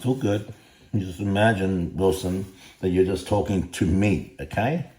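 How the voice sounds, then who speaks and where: A man with a somewhat low voice who chats loosely to his phone while making food, joking, rambling and turning aside to talk to his dog. He is recorded in an echoey home kitchen, with a loud, clear fan hum running behind him. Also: normal speed. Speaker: bodybuilding vlogger. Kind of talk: casual talk to camera while cooking. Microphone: phone camera. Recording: echoey room with fan noise.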